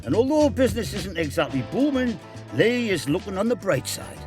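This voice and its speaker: A man's voice: high-pitched, very animated, a little fast, over music. A man narrating a documentary in a playful, punning scripted style.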